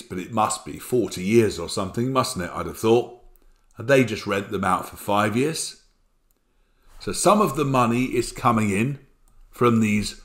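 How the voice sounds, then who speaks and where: An older man giving a recorded exam revision lecture in a chatty way, often asking rhetorical tag questions. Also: mid-range voice. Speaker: accountancy exam tutor.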